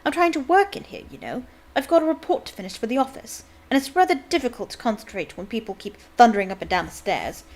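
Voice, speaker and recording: A woman's voice: fairly high pitch, big pitch swings, fast talker, few pauses, voice pushed up. A woman voicing a pompous, self-important young man with a prim, fussy manner. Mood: annoyed.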